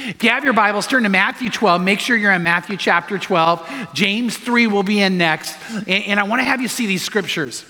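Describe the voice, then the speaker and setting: A man's voice: high-pitched, pushed and bright. A man preaching a sermon as pastor, telling a story with lots of fillers and restarts. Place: church sanctuary. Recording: reverberant hall.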